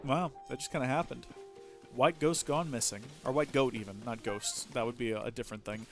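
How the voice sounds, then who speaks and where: A man's voice: mid-range voice, fairly quick, faint music behind. A man giving casual, rambling commentary while livestreaming a video game, musing aloud and often restarting his sentences. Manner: rambling, chatty, muses aloud with frequent restarts. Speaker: let's play streamer.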